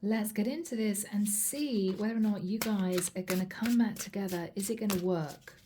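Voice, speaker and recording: Over a noisy background, a European woman with a medium-pitched voice reads tarot cards to camera at a moderate pace. Chatty throughout, she calls viewers "guys" and acts out quoted lines.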